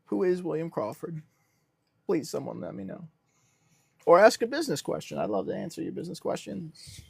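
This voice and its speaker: Deadpan young male streamer, high voice, dry close sound. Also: brisk, creaky, slightly rough, dry recording. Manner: deadpan self-styled businessman persona. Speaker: livestream host. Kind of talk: casual livestream chat reading comments.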